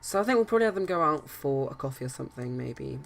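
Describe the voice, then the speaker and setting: A man's voice: mid-range voice, lively intonation, fast talker, vocal fry, fairly bright tone, slight background noise. A man casually narrating his life-sim game let's play, rambling with many hesitations and restarts. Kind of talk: casual game commentary and storytelling.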